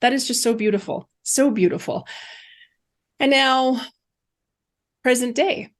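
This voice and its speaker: A woman's voice: high voice, a little slow. A woman hosting a casual interview, reacting effusively to her guest and asking rambling questions. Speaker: host.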